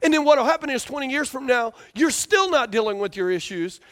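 High-voiced man preaching a sermon. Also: animated, fairly quick, fairly bright tone. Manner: emphatic, repetitive, asks the congregation for responses. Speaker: pastor.

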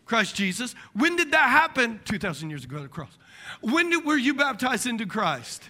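A middle-aged man preaching a sermon as pastor, animated and jokey, acting out quoted voices and dropping into muttered asides. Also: very high-pitched, moderate pace.

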